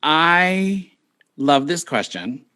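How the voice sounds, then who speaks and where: Campy male guest, slightly high voice, theatrical and playful. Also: big pitch swings, extremely slow, pushed and bright, smooth. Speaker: podcast guest. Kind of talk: casual chat.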